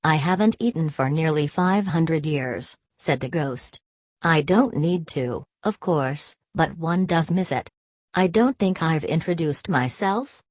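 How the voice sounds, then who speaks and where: A woman's voice: deep voice, animated, a little slow, no room sound. A woman voicing an old, courtly male ghost who speaks sadly and formally. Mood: wistful.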